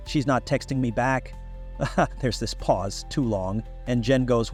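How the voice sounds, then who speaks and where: Young man, first-person story narration, casual, wry, average pitch, faint background music. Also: moderate pace, darkish tone.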